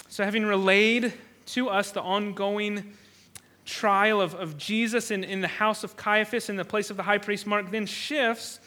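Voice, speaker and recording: A pastor delivers an expository sermon in a high, pushed, bright voice. He often repeats words as he thinks and acts out the lines he quotes.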